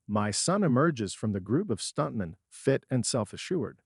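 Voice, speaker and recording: Brief: middle-aged man, husky tone, animated pitch, measured dramatic story narration. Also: no room sound, studio quality.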